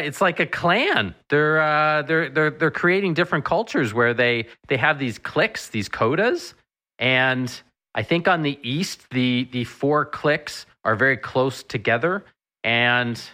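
A veterinarian chats as a radio guest, his voice bright and forward. He speaks earnestly but hesitantly, restarting and repeating words as he works through ideas. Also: fairly high pitch. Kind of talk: casual radio chat.

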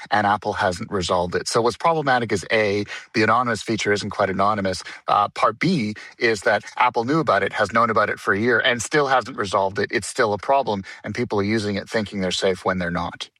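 A man, a tech writer on a radio show, explaining news in an earnest, steady way. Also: lowish voice, no room sound. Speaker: tech columnist guest.

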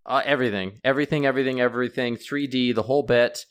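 A middle-aged man, a veterinarian guest, telling stories in a casual radio interview with lively jumps in pitch. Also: rapid-fire, clear, resonant tone. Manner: animated storyteller, pitch jumps up when excited.

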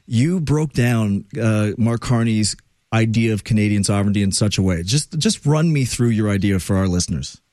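A man hosting a casual political talk podcast, chatty and excitable, joking as he introduces his guest. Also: lowish voice, normal speed, no room sound, clean studio sound. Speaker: podcast host.

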